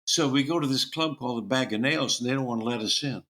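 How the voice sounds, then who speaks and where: An older man from Florida spins an anecdote with a bright, forceful voice. He slips into the voices of the people in his story and keeps the telling lively. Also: mid-range voice, quick pace. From Tampa, Florida. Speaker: guest musician.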